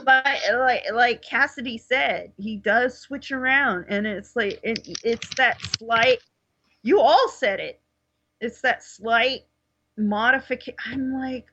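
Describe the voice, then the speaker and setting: A woman hosting a casual podcast chat with a playful, teasing manner. Her voice sits a little high and she talks slowly and unhurriedly. The sound is slightly dull and lo-fi. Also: bright, forceful tone. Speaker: podcast host.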